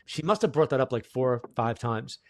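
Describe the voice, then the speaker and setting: Man, middle-aged, podcast guest, animated storyteller, mid-pitched voice, dry close mic. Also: fairly quick, no echo. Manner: animated storyteller, acts out quoted dialogue. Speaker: guest psychic medium. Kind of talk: casual storytelling interview.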